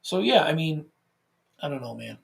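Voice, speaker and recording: A man chatting on a podcast with a rough, gravelly edge to his voice. He talks in animated bursts, swears freely and often restarts his sentences. His voice sits a little higher than most men's. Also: normal speed. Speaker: podcast co-host. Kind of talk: casual podcast chat.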